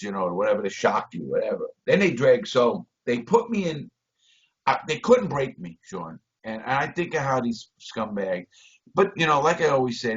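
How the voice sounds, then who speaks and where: A blunt, foul-mouthed man talks over a video call in a mid-pitched voice. He swings between loud bursts and low mutters. The call audio is dull and lo-fi. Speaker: interview guest.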